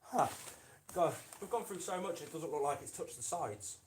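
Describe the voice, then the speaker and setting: A man's voice: a little high, animated, moderate pace, darkish tone. A man hosts a casual live stream, chatting fondly to his pet lizard and calling it "mate" while he works on its enclosure indoors. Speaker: reptile keeper and channel host. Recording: echoey room with faint noise.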